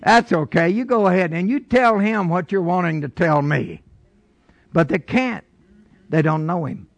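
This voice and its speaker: A man's voice: sits high, a little slow, creaky, no room sound. A man preaching a sermon in a folksy, storytelling way, with emphatic rising bursts. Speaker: pastor.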